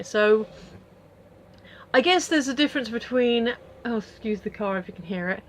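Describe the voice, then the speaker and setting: A woman's voice: on the high side, lively intonation, moderate pace. A woman talking casually to camera at home in a vlog, rambling through her thoughts with lots of fillers and restarts. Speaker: vlogger.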